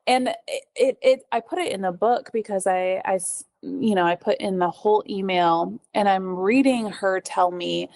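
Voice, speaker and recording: A middle-aged woman, a podcast guest, telling her story in a casual, animated way, acting out the voices she quotes, with lots of fillers. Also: medium pitch, measured pace, dry recording.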